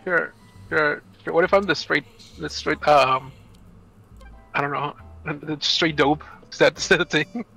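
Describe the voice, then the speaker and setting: A young man co-hosting a game stream, rambling with halting restarts in a jokingly dramatic manner. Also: fairly high pitch, fairly even intonation, gravelly, pushed and bright, soft background music, rough recording. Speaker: co-host boyfriend. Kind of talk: casual gaming chat.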